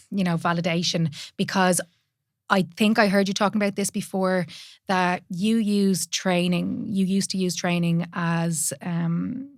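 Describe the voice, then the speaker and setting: A woman's voice: fairly low pitch, no room sound, clean studio sound. An Irish woman in her thirties, a podcast host telling her own story in a candid, earnest way and swearing casually. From Ireland.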